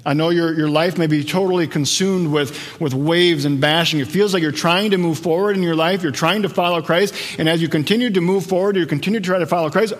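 A male pastor giving a conversational sermon, often dropping low and quiet for emphasis, in a church hall. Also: a little fast. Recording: long hall reverb.

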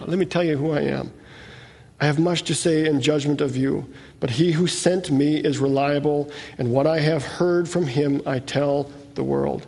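A man's voice: a little high, darkish tone. A man teaching a sermon, reading scripture aloud and explaining it in plain conversational asides. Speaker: preacher. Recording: echoey hall with long reverb.

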